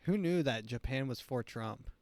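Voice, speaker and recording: This is a man hosting a comedy show, reacting to clips in a rambling, mocking way that keeps restarting. His voice sits at an ordinary middle pitch, and it is recorded close and dry. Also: lively intonation, moderate pace, darkish tone, no room sound, soft background music. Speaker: show host. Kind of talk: casual commentary on clips.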